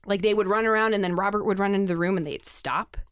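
A young woman from Texas telling ghost stories casually on a podcast, animated, swearing freely and acting out other people in a higher voice. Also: quick pace, smooth, dry recording, studio quality. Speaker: podcast speaker. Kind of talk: casual storytelling.

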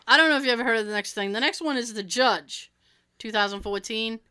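A woman co-hosting a casual movie chat, animated, laughing often and swearing casually. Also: on the high side, fast, clear, resonant tone, dry recording. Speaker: podcast co-host.

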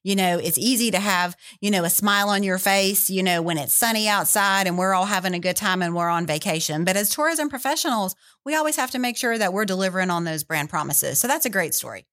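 A woman, a tourism director telling lively stories in a radio interview. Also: medium pitch, quick pace, hardly any pauses. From Mississippi, USA. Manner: enthusiastic, chatty, with fillers.

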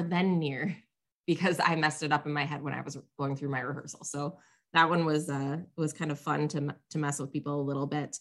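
A woman podcast host chatting casually about competition stages, self-deprecating with quick asides. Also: low voice, fairly bright tone. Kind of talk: casual recounting of match stages.

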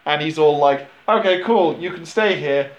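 A man with a slightly high voice retells a film to friends, swearing freely and jumping into the characters' lines. The recording is roomy and echoey. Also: moderate pace, muffled recording. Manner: animated retelling with swearing and impressions. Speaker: podcast co-host recapping a film. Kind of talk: casual chat. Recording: roomy echo.

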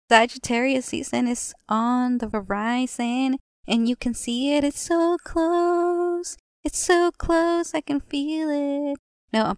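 Twenties woman, solo podcast host; chatty profane venting, gravelly fry, dry close mic. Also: medium pitch, dry recording. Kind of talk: casual solo podcast chat. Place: apartment living room.

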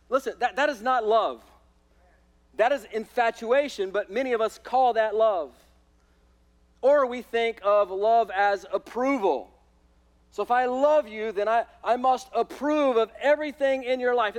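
A pastor with a high voice preaching in a church. He talks emphatically and conversationally, repeating words as he goes. He keeps his listeners engaged with "listen" and "right?". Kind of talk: sermon. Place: church in front of a congregation.

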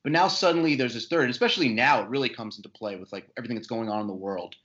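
A man's voice: medium pitch, rapid-fire, fairly bright tone. A man chatting candidly as a podcast guest, joking about fatherhood. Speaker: podcast guest, dad blogger. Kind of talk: casual chat. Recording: dull lo-fi podcast audio.

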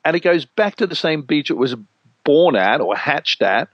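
A man in casual spiritual conversation, telling stories with animated swings and freely dropping swear words. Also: on the high side, normal speed, no room sound, lo-fi sound. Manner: animated storyteller, swears freely, mimics voices for effect.

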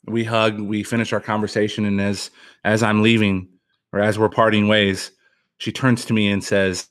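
A man who is a former pitcher and author, telling a personal story as a podcast guest in an earnest, reflective way, often restarting sentences. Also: little pitch movement, moderate pace, a bit bright.

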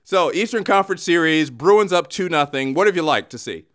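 A man's voice: a little high, expressive, brisk, fairly bright tone. A man hosting a comedic sports show, loose and self-mocking, who keeps cracking up while reading the news. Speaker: podcast host and news reader.

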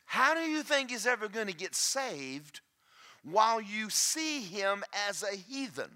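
A man preaches in a church, shouting his points and then dropping into folksy, joking asides. His voice sits a bit high and rings very bright and forceful. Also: big pitch swings, a little slow. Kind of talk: sermon.

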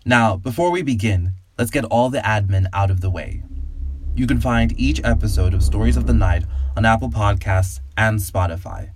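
A man hosting a podcast and narrating a story in a calm, measured, soothing way. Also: lowish voice. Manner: calm, slow, soothing guided-imagery delivery.

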